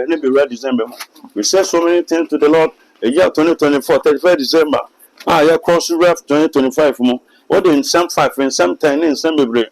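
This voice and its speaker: During an interview, this Ghanaian man, a pastor and prophet, speaks in an emphatic, sermon-like way with a Ghanaian accent, working in English phrases. His voice is a little high, and the recording is rough.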